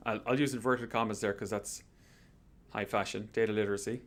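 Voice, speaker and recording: A man's voice: lowish voice, fairly even intonation, brisk. A man presenting on a live stream, walking through a planning method in an upbeat, chatty, lightly joking way. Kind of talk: live stream workshop explanation.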